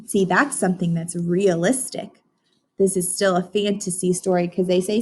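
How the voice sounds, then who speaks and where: A woman teacher reading a picture book aloud to children, stopping to ask them questions and gently explain. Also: on the low side, steady tone, moderate pace, slightly rough.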